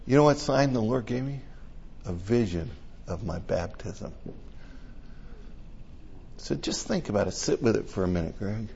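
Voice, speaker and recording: An older man preaching a conversational sermon, telling stories in an animated and emotional way. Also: on the low side, moderate pace, gravelly, pauses often, lo-fi sound, a little hiss or hum.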